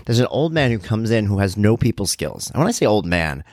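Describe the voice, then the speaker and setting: A middle-aged man hosts a podcast, telling a loose story with self-deprecating jokes. His voice sits low. The sound is dry and close on the mic, with no room around it. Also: sing-song, brisk, darkish tone, dry recording. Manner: rambling, self-deprecating humor. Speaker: podcast host. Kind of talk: casual storytelling monologue.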